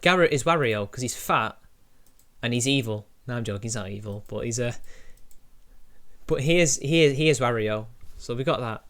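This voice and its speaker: A man's voice: mid-range voice, animated, moderate pace, a bit bright. A young man, chatting on a live stream in a mocking, crude, laughing way. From Britain. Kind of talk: casual live-stream commentary.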